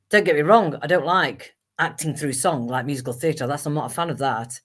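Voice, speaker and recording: A middle-aged woman, speaking as a guest actress and singer in a candid conversation. Her delivery is animated and emphatic, and she acts out remembered exchanges as she goes. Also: sits low, brisk, few pauses.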